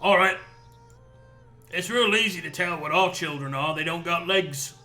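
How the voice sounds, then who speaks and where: A man narrating as game master in a tabletop game, lively and laughing easily. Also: on the high side, moderate pace, faint music behind.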